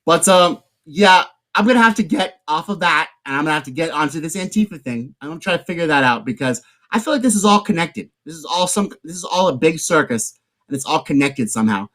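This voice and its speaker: A man hosting a casual political livestream chat, excitable and hot-headed, often repeating himself and swearing. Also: fairly high pitch, fast. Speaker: livestream host.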